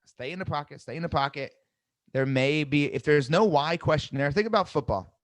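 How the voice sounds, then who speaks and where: A man's voice: a little high, a little fast, dry recording. Punchy man coaching in a dry room. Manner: energetic, repeats key phrases, asks "right?" often. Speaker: sales trainer. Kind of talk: live webinar coaching. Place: seated indoors at a desk.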